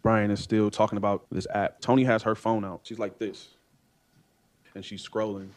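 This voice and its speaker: A man's voice: fairly low pitch, flat delivery. A man on the witness stand, recounting events in testimony and acting out what others said. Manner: rapid storytelling that acts out others' remarks.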